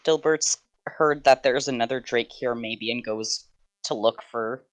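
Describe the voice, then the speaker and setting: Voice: medium pitch, a little slow. Player with dry, literal quips. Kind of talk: tabletop game play.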